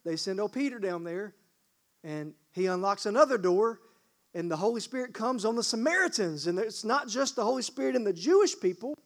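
A man with a high voice and a drawl delivers a sermon. He is emphatic and keeps turning to the congregation with questions. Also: animated, a little fast. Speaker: pastor.

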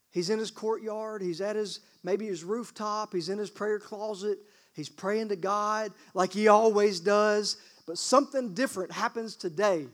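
A man with a high voice and a drawl delivers a sermon. He is emphatic and keeps turning to the congregation with questions. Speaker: pastor.

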